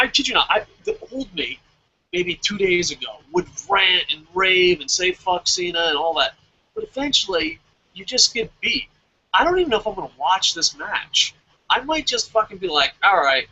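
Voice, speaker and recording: Casting: man, high, lively pitch, harsh bright edge, husky, cursing rants, lo-fi podcast audio. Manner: profane, exasperated ranting. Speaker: podcast co-host. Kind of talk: casual wrestling podcast chat.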